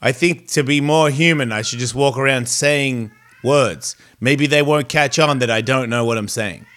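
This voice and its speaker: A man voicing his pet cat's thoughts in a plain, deadpan inner monologue. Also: medium pitch, normal speed, close to an everyday voice. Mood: scheming. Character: chatty pet cat imitating its owner.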